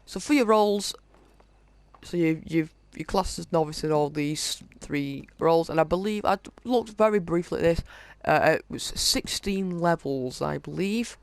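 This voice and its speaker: A man hosting a gaming video, casually reading through a list of in-game items with many halting fillers. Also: a little high, gravelly, clean tone. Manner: reads off item lists, halting with frequent fillers. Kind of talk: casual game walkthrough commentary.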